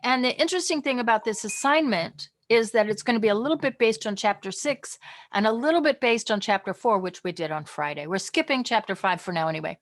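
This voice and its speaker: A woman teaching a college communication class online from home, chatty and lively, acting out different tones of voice. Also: a little high, fairly quick.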